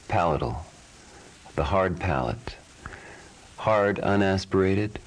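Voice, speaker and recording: Low-voiced guy reading a cassette lesson super slow, chants the sounds. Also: rough recording. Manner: slow, measured, chants drill syllables. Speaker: language teacher. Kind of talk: recorded audio lesson.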